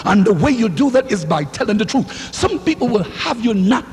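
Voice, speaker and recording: A man preaching a sermon in a church, swinging into shouted lines and calling for responses from the congregation. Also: high-pitched, sing-song, normal speed, few pauses. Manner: fiery, rising to shouts, call-and-response. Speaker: pastor. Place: church sanctuary. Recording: hall reverb, faint hum.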